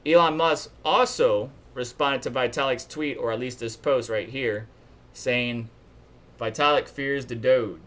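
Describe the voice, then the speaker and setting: A man hosts a live stream from a home setup, running through the news in a loose, conversational way. His voice sits at a middle pitch, and he talks bluntly, griping openly as he goes. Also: measured pace, fairly bright tone. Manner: chatty and blunt, complains openly.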